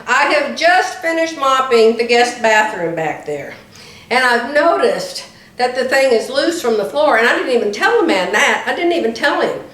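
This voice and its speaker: A woman's voice: sits high, sing-song, moderate pace, fairly bright tone. An older woman telling a long story in a chatty vlog, often laughing as she talks. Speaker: vlogger. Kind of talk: casual storytelling. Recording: roomy echo.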